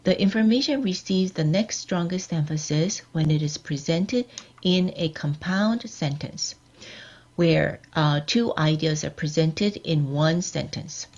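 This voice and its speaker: A woman giving a scripted workshop lecture on editing, measured and explanatory, quizzing her audience. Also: deep voice, darkish tone, lo-fi sound.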